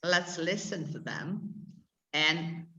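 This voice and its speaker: A woman teaching English to adults speaks slowly and pauses often as she explains. Her voice is bright and a little low, and the room adds an echo. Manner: slow, careful explaining with many pauses. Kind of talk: adult language lesson.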